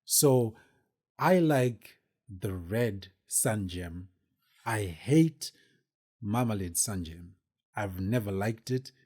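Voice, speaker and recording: A man's voice: lowish voice, expressive, drawn-out words, pauses often, darkish tone. A man hosting a podcast, telling a personal story casually in a rambling way, with many fillers and restarts. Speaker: podcast host.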